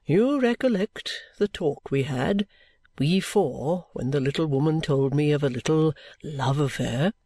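A man reading the part of a kindly older male guardian in an audiobook, speaking in a cordial, measured, fatherly way. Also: fairly high pitch, animated, warm tone, no room sound, pitched below the performer's own voice. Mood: gentle. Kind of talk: audiobook reading of a classic novel.

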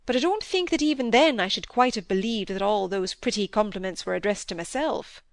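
A woman's voice: mid-range voice, expressive, brisk, no room sound, natural voice. Wry middle-aged country doctor in a storybook, sternly lecturing, dry close sound, read by a woman.

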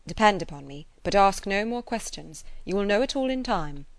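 A woman voicing an earnest middle-aged gentleman who keeps a secret, speaking gravely and in a hushed, hurried way. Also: medium pitch, animated, no room sound, close to an everyday voice.

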